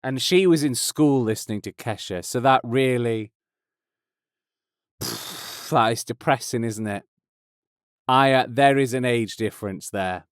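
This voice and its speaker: A man's voice: mid-range voice, a little slow, long pauses, clean tone, no echo. Casual intro from a man hosting a podcast, dry close mic, rambles and chuckles. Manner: rambling, self-deprecating, chuckling. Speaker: host. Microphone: close studio mic.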